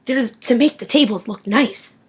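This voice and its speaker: A woman reading aloud voices a stern but caring guardian who speaks briskly and firmly. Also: fairly high pitch, husky. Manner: brisk and commanding.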